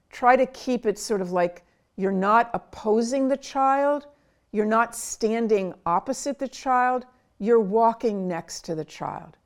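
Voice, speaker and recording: A woman psychiatrist in an interview, earnestly coaching parents step by step on how to talk with their child. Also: mid-range voice. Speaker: child and adolescent psychiatrist, guest. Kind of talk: advice in an interview.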